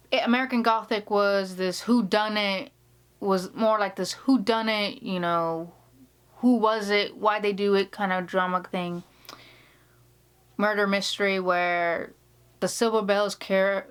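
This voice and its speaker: A woman's voice: mid-range voice, fairly even intonation, takes it slowly, smooth. Woman, vlogger, casual chat, chatty, laughing storyteller, indoor room.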